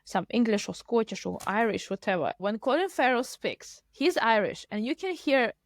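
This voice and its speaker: A woman's voice: on the high side, moderate pace, dry recording. Chatty woman, dry sound. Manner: animated, talkative, lots of "like" fillers. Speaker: podcast co-host and English teacher. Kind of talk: casual podcast chat.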